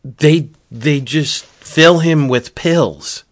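A man co-hosting a casual podcast, retelling a book's plot and briefly voicing its characters. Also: a little high. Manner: animated retelling with quick put-on character voices. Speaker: podcast co-host.

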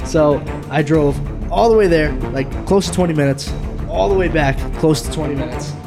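A young man, a podcast co-host, telling a story in casual chat, animated, swearing and acting out quotes. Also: fairly high pitch, normal speed, music in the background.

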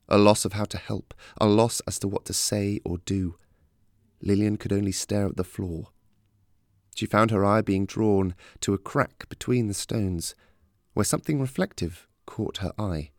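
Male storybook narrator with a low voice and a steady, measured, dry read. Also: dry recording.

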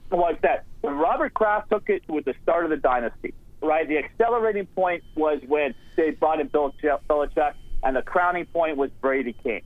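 A man's voice: on the high side, normal speed, hardly any pauses, dry recording. Sarcastic male caller on a tinny phone line. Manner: sarcastic, rambling, animated. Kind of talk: sports radio call-in.

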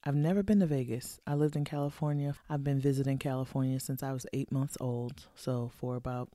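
A woman's voice: a bass voice, fairly even intonation, a little fast, dark tone, dry recording, clean studio sound. A woman in her forties hosting a podcast, giving frank, slangy, playful advice to listener letters and laughing often. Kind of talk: casual advice chat.

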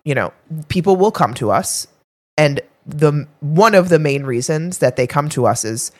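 A woman's voice: deep voice, expressive, moderate pace. A woman co-hosting a health podcast in casual chat, rambling a little with fillers and restarts. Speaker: podcast co-host, health coach.

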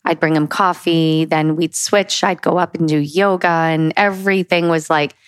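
A woman's voice: sits low, steady tone, normal speed, smooth, dry recording, clean studio sound. A middle-aged woman from the United States co-hosting a casual travel chat, laughing easily and steering the talk. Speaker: co-host.

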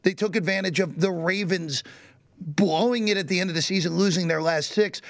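Male sports guest, slightly high voice, earnest, dry studio sound. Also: a little fast, creaky, no room sound. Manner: earnest, repeats "look" and restarts. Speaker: co-host or guest analyst. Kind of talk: casual sports talk.

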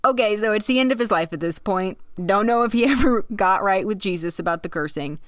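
A woman's voice: medium pitch, animated, brisk, no echo, studio quality. A woman hosting a casual podcast, telling a story in a wry way and laughing often.

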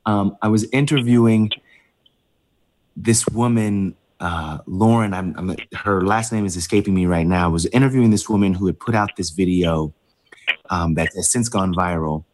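A man being interviewed, telling a personal story with many pauses and fillers as he fights back tears. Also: sits low, a little mellow. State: emotional, close to tears. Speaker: interview guest.

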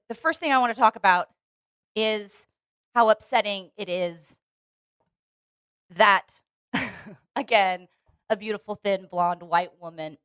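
A woman's voice: medium pitch, fairly bright tone, clean tone, no room sound. A woman co-hosting a casual podcast chat, earnest and opinionated, restarting her sentences often. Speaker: podcast co-host. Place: Los Angeles.

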